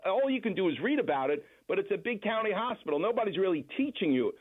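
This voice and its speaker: A man's voice: high-pitched, sing-song, fast. Man on a tinny phone line. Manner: storytelling, explanatory. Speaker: doctor guest. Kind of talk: casual chat.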